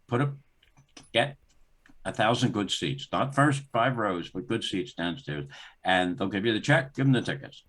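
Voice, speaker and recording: An older man, a guest on a talk show, telling a long story in conversation, acting out the dialogue as he goes. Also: moderate pace. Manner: animated, acts out dialogue in the story with rising pitch and laughter. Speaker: guest, former sports executive.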